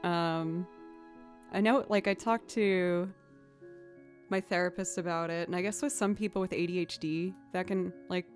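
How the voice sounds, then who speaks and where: A woman's voice: lowish voice, steady tone, normal speed, soft background music. A young woman streaming, chatting casually with viewers in a rambling way, with lots of "like" and "um".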